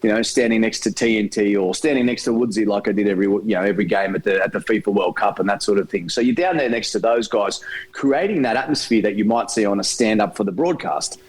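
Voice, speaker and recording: A man's voice: on the low side, fast talker, husky, low-quality recording. A man, a stadium announcer talking as a guest on a casual podcast and rambling with lots of "you know" and "look". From Australia.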